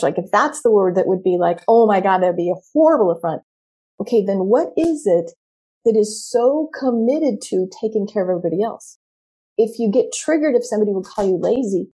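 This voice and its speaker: Expressive woman with a husky, mellow voice. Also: a little high. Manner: candid and expressive, acts out quoted reactions. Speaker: speaker coaching women. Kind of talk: animated motivational talk.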